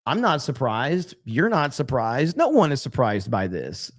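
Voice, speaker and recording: A man's voice: medium pitch, wildly swooping pitch, a little slow. A man hosting a live stream, giving brash, profane, repetitive commentary. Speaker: streamer host.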